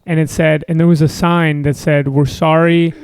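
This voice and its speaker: A man's voice: a little high, level tone, moderate pace, darkish tone, clean tone, no room sound. A man hosting a casual podcast, chatty, reading viewer chat messages aloud. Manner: chatty, reads comments aloud with a lift. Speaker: podcast host.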